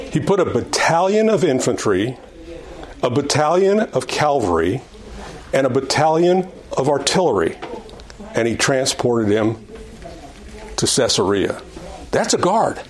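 An older man teaching an adult Sunday school class in a conversational way, repeating phrases and restarting sentences, rising and speeding up on key points. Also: medium pitch. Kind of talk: Bible lesson. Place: church classroom.

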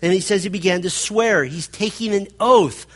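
Dramatic male preacher, fairly high voice. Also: normal speed. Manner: dramatic, swings between loud emphatic stretches and hushed low passages. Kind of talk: sermon.

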